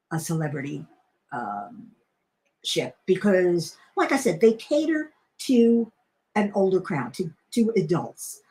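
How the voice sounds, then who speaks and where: Casting: middle-aged woman, livestream host, unhurried, lively up-and-down pitch, rambling chat. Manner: chatty and rambling, many fillers and restarts, laughs often. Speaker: crafting channel host. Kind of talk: casual live-stream chat.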